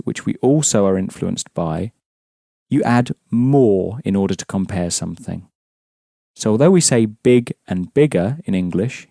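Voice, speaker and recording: A man with a fairly low, mellow voice and some vocal fry teaches a language lesson, explaining patiently and prompting his students with questions. The recording is dry, with clean studio sound.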